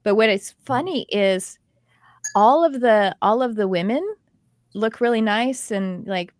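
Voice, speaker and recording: A woman's voice: on the high side, a little slow, no echo. Middle-aged woman host, chatty, acts out little stories, dry close sound. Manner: animated storytelling with quoted dialogue and laughs. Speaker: host, intuitive development teacher. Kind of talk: casual chat.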